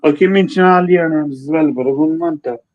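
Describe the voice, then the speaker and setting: A man rambles on in casual chat, circling back to the same points and swearing as he goes. His voice sits a bit high for a man. The sound is dry and close. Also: brisk, darkish tone, no echo, lo-fi sound. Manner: rambling, repetitive, swears freely.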